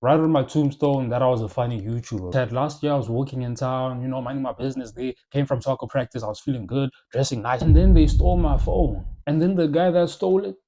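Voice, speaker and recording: A young South African man telling stories in a comedic monologue, animated and full of slang and loud jokes. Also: medium pitch, fast, few pauses. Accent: South African English. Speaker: comedy YouTuber.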